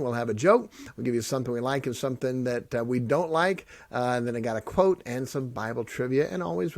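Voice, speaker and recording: A middle-aged man hosting a podcast, joking and sarcastic, swinging between loud bits and soft earnest talk. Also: medium pitch, no room sound. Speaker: podcast host and pastor. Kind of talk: casual podcast monologue.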